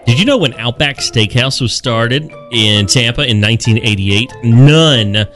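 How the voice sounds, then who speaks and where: A man's voice: medium pitch, lively intonation, measured pace, a bit bright, soft background music. A man co-hosting a radio show, reading out fun trivia in a chatty, amused way. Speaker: radio co-host. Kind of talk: casual radio banter.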